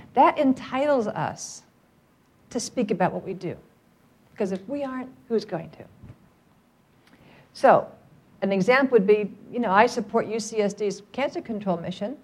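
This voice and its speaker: A woman's voice: fairly high pitch, lively intonation, normal speed, a little mellow, breathy edge. Upbeat, joking woman giving a talk. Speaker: workplace trainer on cancer outreach. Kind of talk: speaking to a live audience.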